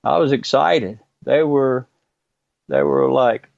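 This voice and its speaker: Gravelly man, earnest storyteller. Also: mid-range voice, no room sound, muffled recording. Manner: earnest, halting retelling with many pauses. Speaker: guest. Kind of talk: personal storytelling interview.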